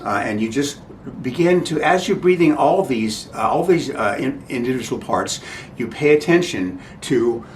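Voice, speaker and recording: A man explaining breathing exercises in a halting, informal way, often stopping to check "okay?". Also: expressive. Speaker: breathing instructor. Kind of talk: informal spoken instruction. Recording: roomy, distant mic, faint rumble.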